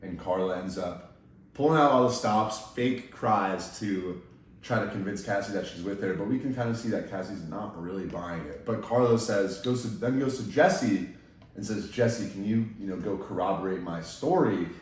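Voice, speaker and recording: A young man hosting a podcast, recounting events in a detailed, steady way with small restarts. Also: lowish voice, moderate pace. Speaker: podcast host. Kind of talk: casual recap chat. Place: indoor room, in person with guests. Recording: echoey room, mic at a distance, faint noise.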